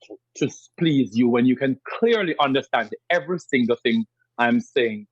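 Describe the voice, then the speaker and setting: A man's voice: medium pitch, normal speed, husky, no echo, lo-fi sound. A man from Jamaica with a strong Jamaican accent, speaking as a guest in a podcast interview, explaining emphatically and repeating himself as he goes. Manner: emphatic, animated explaining with repetitions.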